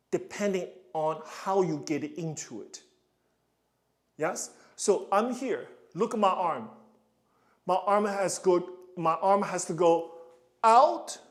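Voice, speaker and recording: Guy coaching ballet over a call, high voice, talks slow, hums out the counts. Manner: animated, counts and sings out steps. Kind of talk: online ballet coaching session.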